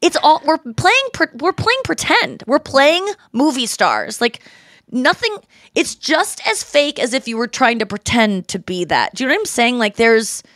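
A woman's voice: a little high, normal speed, no room sound, clean studio sound. Chatty woman telling a story. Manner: animated, mimics people in quoted voices. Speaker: podcast host. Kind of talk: casual storytelling chat.

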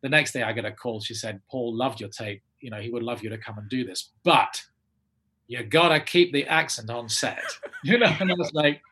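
An English man, an actor, telling a long anecdote and acting out the people he quotes in lively voices. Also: medium pitch, fairly quick, hardly any pauses, husky. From England. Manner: animated, acts out quoted people in changing voices. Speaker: actor, guest. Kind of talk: anecdotal storytelling.

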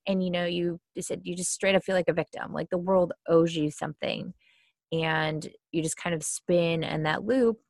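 A woman with a lowish voice talks casually about mindsets, leaning on fillers like "kinda" and slipping into little acted complaints. The sound is close and dry, with no room around it. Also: steady tone, moderate pace, creaky, a little mellow, dry recording. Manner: chatty, many fillers, acts out quoted complaints. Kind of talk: casual explanatory talk.

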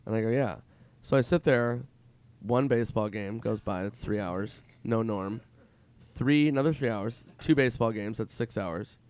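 A comedian guest telling stories in casual chat, acting out other people's lines in raised voices and swearing freely. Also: male voice, mid-range voice, fairly quick, clean tone. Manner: animated, acts out quotes in raised voices. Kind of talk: casual storytelling.

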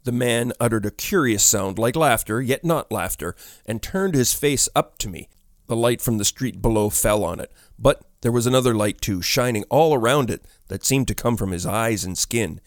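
A man narrating a classic ghost story audiobook in a measured, expressive way. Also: mid-range voice, no echo, clean studio sound.

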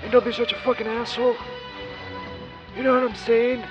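A man putting on a very high, mangled old Scottish movie star voice, halting, rambling and foul-mouthed, his accent drifting into Irish and back. The voicemail sounds muffled and dull, with faint music playing behind. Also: flat delivery. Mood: abusive. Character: crude hostile impression of an old Scottish film star, man.

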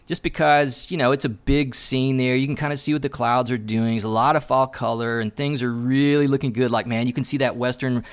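A man of middle pitch with a loose, chatty way of talking, telling a story with lots of fillers. He is animated and acts out the lines of the people in it. He sounds like a landscape photographer talking as a guest on a podcast. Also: brisk, few pauses, smooth. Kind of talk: casual storytelling.

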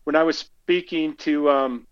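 A male podcast guest telling animated stories and acting out the quotes in them. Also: fairly high pitch, a little slow, clear, resonant tone, dull audio. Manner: animated anecdotes, acts out quotes. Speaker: guest speaker. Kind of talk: conversational storytelling.

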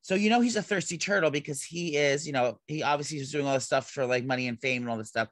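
A man's voice: on the high side, fast talker, fairly bright tone, dry recording. A man co-hosting a podcast in casual chat, rambling with lots of fillers and restarts. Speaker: podcast co-host.

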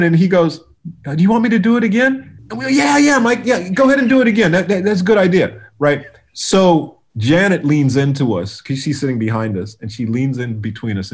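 A man, a guest music producer, telling stories in a relaxed interview, animated and full of restarts. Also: fairly high pitch, breathy edge. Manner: animated storyteller, many restarts, acts out quotes.

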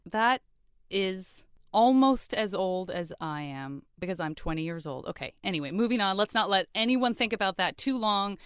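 Playful woman podcast host, smooth voice. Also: medium pitch, lively intonation, moderate pace, no room sound, clean studio sound. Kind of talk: casual podcast chat.

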